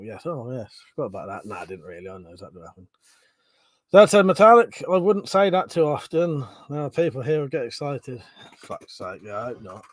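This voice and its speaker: A man chats through a live stream in a fairly high voice. He swears freely, laughs a lot and sounds a little stuffy from a runny nose. The sound is dry and close, with no room echo. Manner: chatty, sweary, laughs often. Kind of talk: casual live stream chat.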